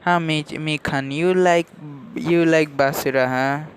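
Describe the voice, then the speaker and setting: A man's voice: fairly high pitch, fairly even intonation, measured pace, a little hiss or hum, natural voice. A man voicing a mischievous teenage boy who teases and needles. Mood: teasing. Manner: teasing.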